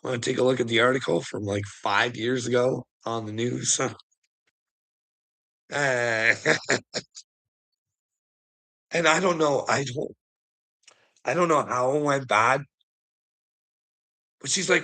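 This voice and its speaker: A man's voice: medium pitch, takes it slowly, long pauses, pushed and bright. A middle-aged man telling a heated, profane story in a casual vlog rant, laughing often between lines. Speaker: vlogger.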